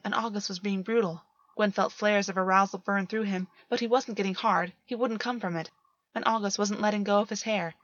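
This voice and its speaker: Female audiobook narrator, measured delivery, dry lo-fi home recording. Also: mid-range voice, fairly bright tone, no echo. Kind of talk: audiobook reading of fan fiction. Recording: dull lo-fi, dry.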